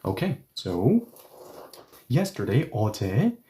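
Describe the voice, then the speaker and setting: A man teaching a grammar lesson, explaining patiently step by step and repeating example sentences slowly. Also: fairly low pitch, wildly swooping pitch, dark tone. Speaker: Korean language teacher.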